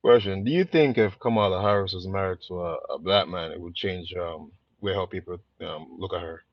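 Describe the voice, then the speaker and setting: Fast-talking Jamaican caller. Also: male voice, deep voice, no room sound. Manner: hesitant, with filler pauses. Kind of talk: call-in radio question. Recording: dull lo-fi phone line.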